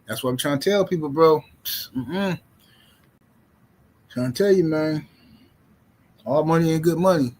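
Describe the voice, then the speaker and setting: Middle-aged male livestream host, husky tone, animated slang delivery. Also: a little high, unhurried, long pauses. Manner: animated, slangy, repeats himself. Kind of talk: casual livestream talk. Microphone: streaming mic.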